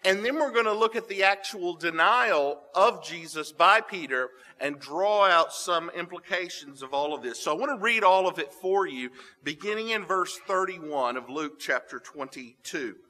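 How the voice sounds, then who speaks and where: A man preaching a sermon, reading scripture aloud and explaining it with dramatic pauses. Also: high voice, lively intonation, sharp tone. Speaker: pastor. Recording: long hall reverb.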